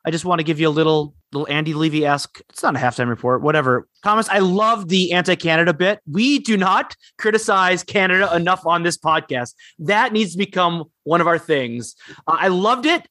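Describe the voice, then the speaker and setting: Podcast co-host, male, slightly higher voice, dry close mic, rambling and upbeat. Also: pushed and bright, dry recording. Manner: rambling, enthusiastic, quick asides. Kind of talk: casual podcast chat.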